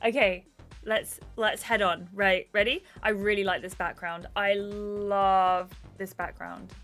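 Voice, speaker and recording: A woman's voice: mid-range voice, steady tone, slow, fairly bright tone, soft background music. Chatty woman streaming a game. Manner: chatty, scatterbrained asides and giggles. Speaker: gaming streamer. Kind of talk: live gameplay commentary. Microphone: webcam setup at a desk.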